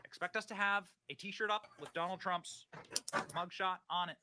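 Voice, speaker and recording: A man hosting a live show, talking in a hyped, preachy way that swings from loud bursts to hushed asides. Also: high voice, moderate pace, a little hiss or hum. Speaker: show host. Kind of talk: casual livestream talk.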